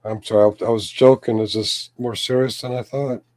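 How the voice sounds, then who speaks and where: A man's voice: medium pitch, fairly even intonation, a little fast, a little mellow, dry recording. A man hosting a casual live-stream chat, joking and chuckling, with a voice he says is going. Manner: joking, chuckling, throat-clearing. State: losing his voice. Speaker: host of a live chat show.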